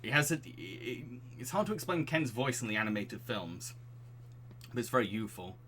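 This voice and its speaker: A man's voice: medium pitch, normal speed, slight background noise. Playful man reading a game aloud. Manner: playful, giggly, animated. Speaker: streamer.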